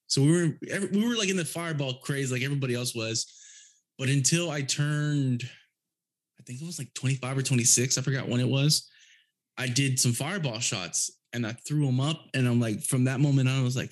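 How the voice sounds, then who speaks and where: A man's voice: mid-range voice, a little fast. A young adult man talking as a podcast guest, laid-back and rambling, swearing freely and leaning on fillers. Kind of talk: casual chat.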